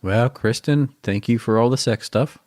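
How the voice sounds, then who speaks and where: A man's voice: medium pitch, normal speed, darkish tone. A man co-hosting a podcast in casual chat, joking with brief banter replies. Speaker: podcast co-host.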